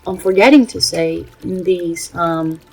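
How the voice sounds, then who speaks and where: A woman's voice: fairly low pitch, creaky, slightly rough, low-quality recording. Earnest woman. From Brazil. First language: Portuguese. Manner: earnest, halting, many filler pauses. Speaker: spiritual channel host. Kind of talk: casual spiritual vlog talk.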